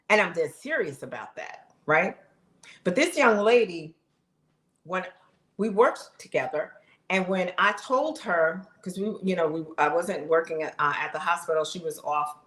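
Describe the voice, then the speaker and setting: A woman's voice: fairly low pitch, expressive, normal speed, fairly bright tone. A woman in her fifties, a vlogger talking straight to her viewers in a casual, heartfelt, emphatic way. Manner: emphatic, chatty, talks straight to the audience. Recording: roomy echo.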